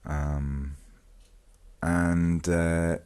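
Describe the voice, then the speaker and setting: A man with a remarkably deep, low voice talks through a criminal case for his vlog. He speaks casually and hesitantly, stopping to restart phrases and filling gaps with ums. Now and then he reads passages from a news article. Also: flat delivery, very slow, a little mellow. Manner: reads news excerpts aloud. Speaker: vlogger, channel host. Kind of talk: casual true-crime commentary.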